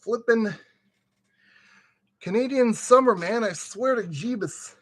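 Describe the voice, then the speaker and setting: Slow, goofy man muttering through a build. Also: very high voice. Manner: playful, muttering to himself, goofy made-up exclamations. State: sweating in summer heat. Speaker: streamer building a kit. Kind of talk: casual live-stream commentary.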